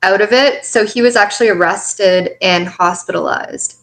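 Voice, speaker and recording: A woman co-hosts a casual celebrity gossip chat. She sounds eager, tripping over restarts and filling pauses with "like," and her voice has an ordinary middle pitch. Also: fairly bright tone. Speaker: co-host.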